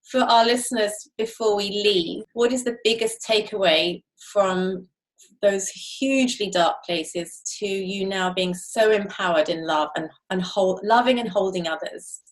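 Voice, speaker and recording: A woman's voice: medium pitch, measured pace, rough recording. A woman co-hosting a podcast, asking her guest admiring questions. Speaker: podcast co-host. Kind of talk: casual interview talk.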